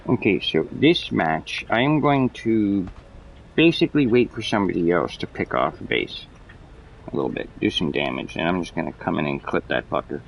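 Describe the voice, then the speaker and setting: A man's voice: deep voice, lively intonation, moderate pace, vocal fry, a little hiss or hum, poor audio. A man giving rambling, profane commentary while playing a flight game. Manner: rambling, profane, explains as he plays. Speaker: gameplay streamer. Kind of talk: casual gameplay commentary.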